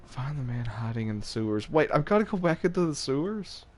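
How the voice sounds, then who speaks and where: A man's voice: medium pitch, big pitch swings, brisk, darkish tone. A young man streaming a video game, joking with his viewers and reading game text aloud. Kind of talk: casual gameplay commentary.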